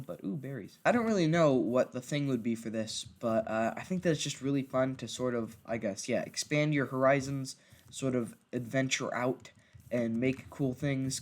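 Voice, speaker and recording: Male gaming creator, mid-pitched, rambly and halting, keeps restarting sentences. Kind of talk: casual gameplay narration.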